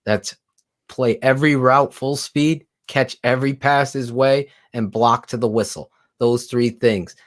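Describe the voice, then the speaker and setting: A man co-hosting a casual sports talk stream, excitable and profane, his voice climbing as he gets heated. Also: medium pitch, a little slow. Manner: excitable, swearing, voice rising when heated. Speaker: co-host.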